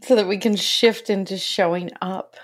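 A woman's voice: mid-range voice, fairly even intonation, moderate pace. A woman hosting a podcast interview, enthusiastic and affirming, who asks her guest open questions. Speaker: podcast host.

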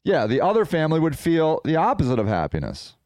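Male podcast host, playful rambler, high and lively, smooth tone. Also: fast talker, dry recording. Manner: animated, rambling, playful storytelling. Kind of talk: casual solo podcast chat.

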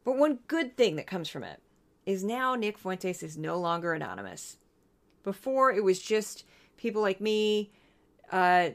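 A young adult woman hosting a solo podcast, talking bluntly and indignantly with sarcastic asides. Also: mid-range voice. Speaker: podcast host.

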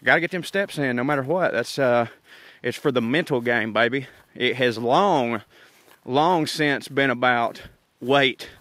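A man's voice: medium pitch, unhurried, no room sound. A man from North Georgia with a Southern accent, rambling and joking in a casual rant while walking outdoors. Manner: rambling, joking, animated, laughs often. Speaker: comedian podcast host. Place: outdoors, walking on an overcast windy day.

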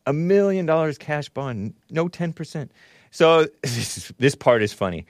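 Male show host, wry commentary, lively pitch, dry close mic. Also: unhurried, no echo. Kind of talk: casual commentary on news clips.

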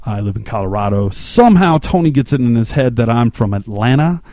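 Podcast host, man in his 30s, dry close sound, excitable and rambling storyteller, swears a lot. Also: mid-range voice, brisk, no room sound. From Shreveport, Louisiana, US. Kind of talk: casual storytelling monologue.

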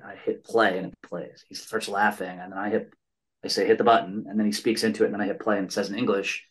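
A man with a slightly low voice hosts a relaxed podcast conversation. He tells long, meandering stories and often tags his points with a quick "right?". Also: rough recording. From United States. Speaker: podcast host. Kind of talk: casual conversation.

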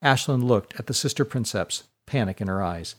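Man narrating a storybook, measured and even. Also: fairly low pitch.

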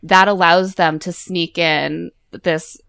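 A woman's voice: on the low side, steady tone, takes it slowly, creaky, fairly bright tone, clear, resonant tone, no room sound. A woman chatting on a podcast, wryly recapping a film and acting out quotes from it. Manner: wry, recapping the plot with acted-out quotes. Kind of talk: casual podcast chat.

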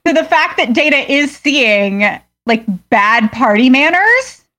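A woman co-hosting a casual podcast chat, animated and laughing often. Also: high-pitched, takes it slowly. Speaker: podcast co-host, Star Trek veteran.

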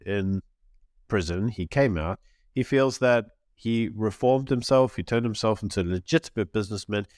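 A man co-hosting a podcast, his voice sitting a little low. He talks in an opinionated, casual way, sometimes slipping into other people's voices to make a point. The sound is dry and close, with no room around it. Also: dry recording. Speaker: podcast co-host.

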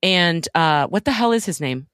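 A blunt, sardonic woman co-hosting a podcast, with a lowish voice. She swears freely and speaks her mind. The sound is dry and close. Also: animated, moderate pace, a bit bright, clean tone, dry recording. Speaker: podcast co-host. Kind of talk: casual chat.

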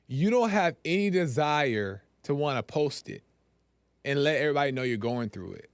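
A man's voice: fairly high pitch, lively intonation, normal speed, clear, resonant tone, no echo, studio quality. A man hosting a solo podcast, talking in a casual, conversational way, repeating phrases for emphasis. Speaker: podcast host.

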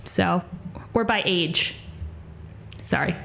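Woman co-host, low fry-edged voice, deadpan and hesitant. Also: slow pace, a little hiss or hum. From Long Island, New York. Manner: dry, self-deprecating, hesitant with many ums. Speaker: podcast co-host. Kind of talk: casual chat.

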